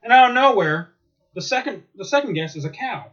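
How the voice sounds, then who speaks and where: A man chatting casually and excitedly, rambling and swearing as he retells cartoon bits. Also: very high voice, a little fast, lo-fi sound, noisy background. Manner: excitable, rambling, swears a lot, laughs often. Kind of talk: casual chat.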